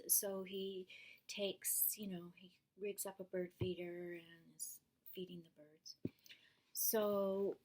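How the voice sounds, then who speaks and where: A woman telling a personal story in a casual, conversational way, often dropping into a breathy near-whisper. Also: on the low side, a little hiss or hum.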